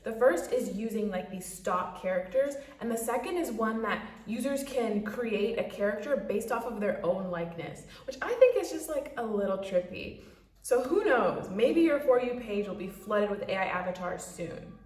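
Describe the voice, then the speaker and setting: A woman's voice: on the high side, animated, normal speed, a little mellow, far from the mic. Chatty woman explainer in a roomy space. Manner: chatty, playful asides, rhetorical questions. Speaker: video essayist. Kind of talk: casual explainer commentary. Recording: roomy echo, a bit off-mic.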